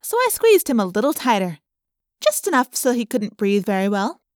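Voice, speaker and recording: Woman narrator, playful audiobook reading, lively, swooping pitch, dry close recording. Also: moderate pace, no room sound. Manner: expressive, playful, storytelling.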